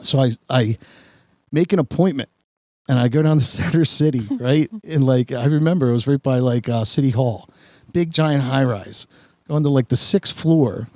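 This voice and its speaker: A man's voice: medium pitch, normal speed, darkish tone, no echo, clean studio sound. A man, a podcast host telling a long embarrassing story in a rambling, self-mocking way full of filler words. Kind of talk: casual storytelling chat.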